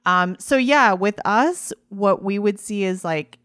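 Chatty Valley Girl woman, smooth voice. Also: mid-range voice, slow, a bit bright, no room sound, clean studio sound. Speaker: podcast co-host and beauty editor. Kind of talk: casual conversation.

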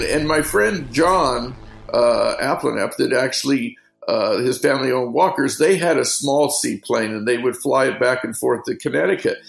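A middle-aged fishing guide, telling rambling anecdotes in a casual interview and leaning on "you know" constantly. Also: male voice, mid-range voice, creaky, roomy sound, poor audio.

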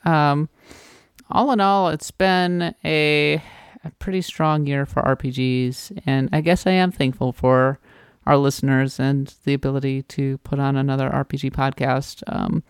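A man co-hosting a casual podcast chat, talking in a relaxed way with frequent fillers and restarts. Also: medium pitch, unhurried, clear, resonant tone, no echo, studio quality. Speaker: podcast co-host.

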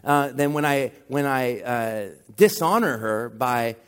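A man giving a sermon as a guest pastor, talking conversationally with self-deprecating humor and rising louder on emphatic points. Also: medium pitch, slow pace, smooth.

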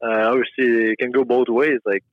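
A young man with a Québécois French accent, French his first language, speaking haltingly as an interview guest over a remote line. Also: mid-range voice, flat delivery, no echo, phone-quality sound. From Quebec. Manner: halting, friendly, many fillers. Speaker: hockey player guest.

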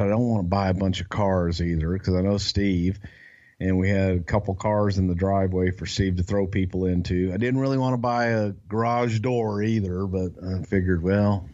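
A man's voice: low voice, steady tone, moderate pace, a little mellow, lo-fi sound. A man co-hosting a podcast, telling a backstage story in a rambling, profane way with lots of restarts. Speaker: podcast co-host. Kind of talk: casual storytelling chat.

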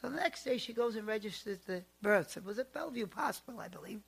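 A woman who works as a psychic, telling family stories in a chatty, animated and emphatic way. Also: medium pitch, fast, vocal fry, breathy edge. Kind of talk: storytelling monologue.

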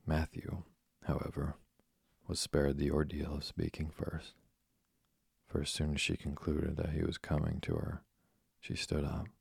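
A man narrating a bedtime story in a slow, soothing reading. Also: rumbling low, gravelly, darkish tone, slightly rough, no room sound, clean studio sound.

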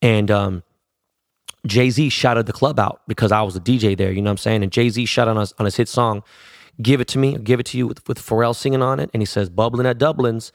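A man's voice: medium pitch, fairly quick, vocal fry, dry recording, studio quality. A middle-aged man from Los Angeles telling a rambling story in casual, slangy talk, swearing constantly.

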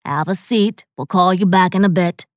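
A woman voicing a large, curt clinic receptionist who talks in a brisk, businesslike way. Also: lowish voice, no room sound, studio quality, natural voice.

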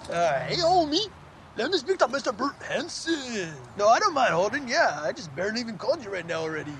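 A man's voice: very high voice, very animated, fairly quick. An actor playing a man who fakes silly voices on a ransom phone call, with an exaggerated put-on accent that turns into a southern drawl. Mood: cocky. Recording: film clip with loud background noise.

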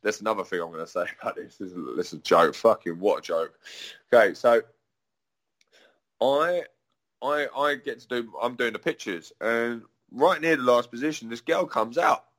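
A man's voice: medium pitch, animated, moderate pace, fairly bright tone. A man, still young, unloads a long story in a loose, rambling rant. He swears constantly, restarts his sentences, and keeps drifting into asides. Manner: profane, rambling, with many restarts. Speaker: adult performer.

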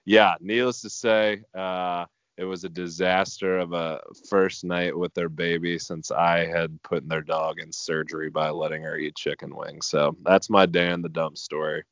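A man's voice: deep voice, flat delivery, measured pace, few pauses, a bit bright, dry recording, lo-fi sound. A man co-hosting a podcast, telling a rambling story in casual chat, full of "like" fillers. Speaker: podcast co-host.

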